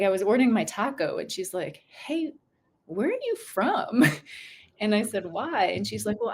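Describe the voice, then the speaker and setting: A middle-aged American woman in casual conversation as a guest author, chatty and quick to laugh, often breaking off and restarting. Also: medium pitch, a little mellow. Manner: chatty, laughing, self-interrupting.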